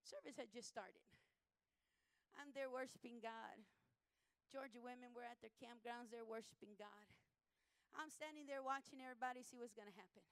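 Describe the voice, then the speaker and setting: A woman preacher giving a sermon testimony, telling stories in an animated way and acting out what people said. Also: a little high, normal speed, clean tone, low-quality recording. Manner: animated storytelling, acting out quotes.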